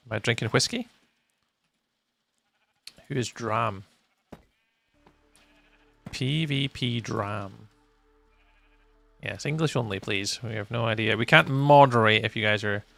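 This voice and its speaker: Scottish guy live streaming, chatty n playful, gravelly voice, faint music behind. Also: medium pitch, bright, forceful tone, dry recording. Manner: chatty and playful, reading chat aloud. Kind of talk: casual live-stream chat.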